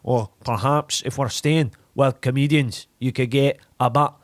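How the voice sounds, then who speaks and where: A man's voice: medium pitch, a little slow, no room sound, clean studio sound. A man on a radio talk show, chatting about doing impressions and switching voices often. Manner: animated, jumps between voices. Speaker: impressionist comedian guest. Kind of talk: casual radio interview chat.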